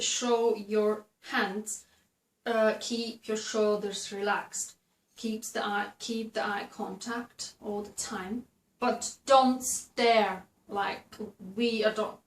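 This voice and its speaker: A woman giving advice to camera in a casual, halting way, with many fillers and restarts. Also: mid-range voice. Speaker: video host giving advice. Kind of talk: casual instructional talk to camera. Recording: echoey room.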